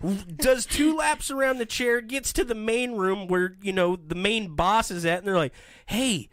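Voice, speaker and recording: A man hosting a podcast, telling stories in an animated, rambling way in a casual comedic chat. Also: high voice, normal speed, no echo. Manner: animated, rambling storytelling with voices. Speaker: podcast host.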